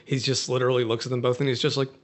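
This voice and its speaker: A man's voice: medium pitch, little pitch movement, racing. A man talking casually as a podcast guest, rambling through movie scenes with lots of fillers and restarts. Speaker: guest film buff.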